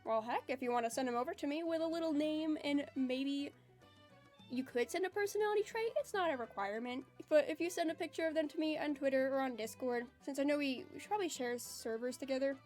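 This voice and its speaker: Speaking quickly in a slightly mellow voice, this streamer reads her chat's messages aloud, giggles a lot and calls herself low-energy and introverted. Faint music sits behind the casual conversation.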